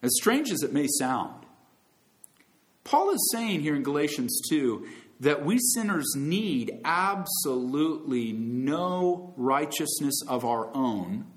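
Lively, swooping male preacher. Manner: emphatic preaching, swooping from loud high peaks to low soft drops; calls listeners friends, brothers and sisters. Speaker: pastor. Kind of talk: sermon.

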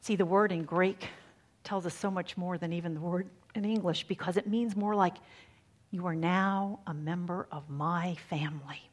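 Woman preacher, husky tone, shifts from hushed near-whispers to strong emphasis. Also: lowish voice, fairly even intonation, moderate pace. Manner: dramatic, swings from hushed to emphatic. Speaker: speaker giving a faith talk. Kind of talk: sermon.

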